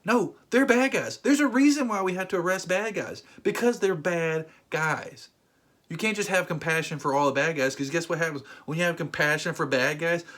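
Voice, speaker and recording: A man's voice: on the high side, a bit bright. A man reviewing a film in a ranting commentary, incredulous and emphatic, with sudden exasperated outbursts. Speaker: movie reviewer.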